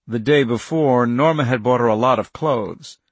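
A man narrating an audiobook in a measured, even storytelling manner. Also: medium pitch, no echo. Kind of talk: scripted narration.

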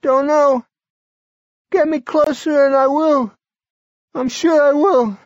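A man voicing a feverish sick man with a hoarse, clotted voice, strained and urgent. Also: fairly even intonation, slow pace, no echo, muffled recording. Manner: high strained near-shouting.

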